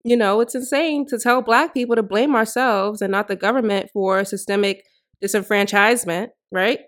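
A woman's voice: mid-range voice, steady tone, moderate pace. A woman hosting a solo podcast, delivering fiery, profane commentary full of rhetorical questions. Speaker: podcast host.

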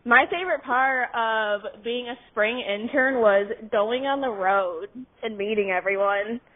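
A woman's voice: on the high side, unhurried. A young woman co-hosting a podcast, telling stories in a playful, teasing, laughing way. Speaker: podcast co-host. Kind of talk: casual storytelling chat. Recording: tinny phone-like sound.

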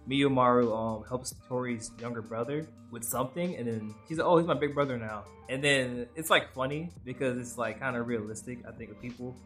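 A man's voice: mid-range voice, a little fast, hardly any pauses, fairly bright tone, soft background music. A young man co-hosting a podcast in casual chat, rambling and laughing as he acts out quotes. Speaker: podcast co-host.

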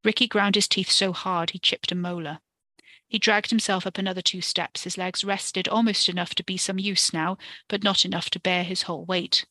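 A woman reading a story for a podcast in a steady, expressive way. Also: fairly low pitch, moderate pace, dry recording. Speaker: podcast narrator.

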